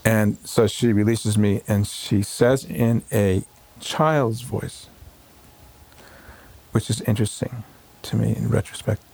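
A man, a rabbi, recalling a painful day in an emotional interview, talking in halting bursts with many fillers and restarts. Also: on the low side, fairly even intonation, creaky, a little mellow. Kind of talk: emotional personal recollection. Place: home.

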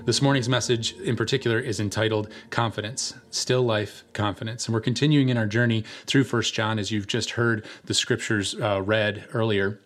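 A young man preaching a sermon, telling a personal story in a relaxed, conversational way with many filler words. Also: lowish voice, normal speed, few pauses. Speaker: pastor.

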